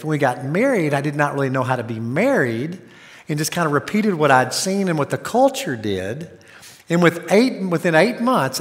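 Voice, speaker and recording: A man's voice: mid-range voice, a bit bright. Earnest man preaching in a reverberant church. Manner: earnest, storytelling, speeds up in anecdotes. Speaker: guest speaker on marriage. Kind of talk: conversational sermon with personal stories. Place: church sanctuary.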